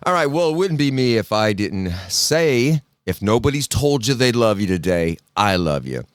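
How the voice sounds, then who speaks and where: A very animated man with a medium-pitched, smooth voice speaks at normal speed, captured at studio quality with no room sound. As a podcast host in casual solo talk, he tells a folksy story, acts out the quotes, and keeps restarting.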